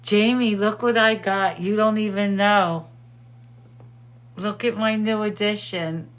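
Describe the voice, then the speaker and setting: A middle-aged woman hosting, chatting with friends in a casual, excitable way and laughing often. Her talk is unhurried and drawn out. Her pitch sits in the middle of the range. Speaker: host. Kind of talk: casual chat.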